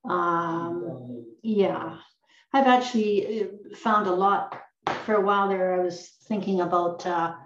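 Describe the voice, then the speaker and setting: A woman's voice: on the low side, slow, slight background noise. A woman giving a rambling, frank comment on a video call, with many fillers. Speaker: meeting participant. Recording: distant echoey muffled call audio.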